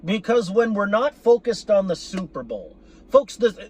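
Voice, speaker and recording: In a sing-song, high voice at a moderate pace, a sports fan vlogger unloads on his team. It's a profane, exasperated monologue full of sarcasm and repetition for emphasis.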